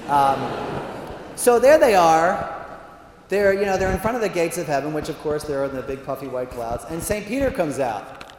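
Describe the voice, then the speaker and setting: A male priest telling jokes in a chatty, animated way, full of fillers, in a large hall. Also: medium pitch. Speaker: priest speaker. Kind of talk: humorous talk with jokes. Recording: echoey hall with long reverb.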